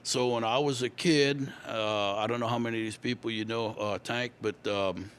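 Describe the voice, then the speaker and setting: A man's voice: medium pitch, fairly even intonation, fairly bright tone, slight background noise. Rambling older man from Louisiana. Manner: rambling, unhurried, many fillers. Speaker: guest musician. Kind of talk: relaxed interview storytelling.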